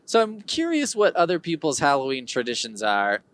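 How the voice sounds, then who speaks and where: A man hosts his own podcast alone, chatting in a loose, rambling way. He wanders from tangent to tangent with dry, wry humor. His pitch swings widely, rising and dipping as he tells his stories. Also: huge pitch swings, moderate pace, a bit bright. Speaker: podcast host. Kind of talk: casual solo podcast monologue.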